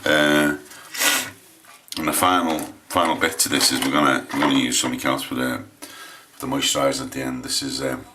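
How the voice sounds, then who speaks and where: An English man with a low voice chatting casually while he shaves on camera, rambling and hesitant with lots of restarts. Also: flat delivery, a little fast, background noise. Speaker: shaving vlogger.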